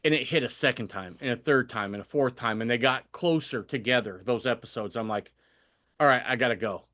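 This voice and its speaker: Bright-toned male podcast host. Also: mid-range voice, a little fast, dull audio. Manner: animated, often tags sentences with "right?". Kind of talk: casual storytelling.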